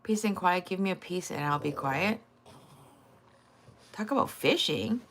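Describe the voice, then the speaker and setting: A woman's voice: fairly low pitch, expressive, unhurried, slight background noise. A woman hosting a casual livestream, sassy and blunt, teasing her chat and swearing freely. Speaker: livestream host.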